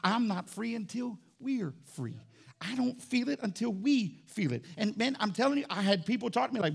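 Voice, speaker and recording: A man preaching a lively sermon as pastor in a church, swinging between shouts and low asides. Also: moderate pace, vocal fry, husky. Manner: animated, shouts and drops low, playful asides. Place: church sanctuary.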